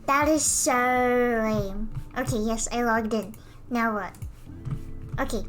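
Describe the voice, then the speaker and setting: A woman's voice: on the high side, slow pace, soft background music. A female streamer chatting casually while she draws, giggling often and answering her chat.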